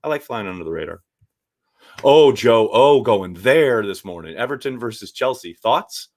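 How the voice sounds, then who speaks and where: A man hosting a casual live stream, reading viewer chat and giving blunt, animated takes with the odd swear. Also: on the low side, normal speed. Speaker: sports show host reading viewer chat.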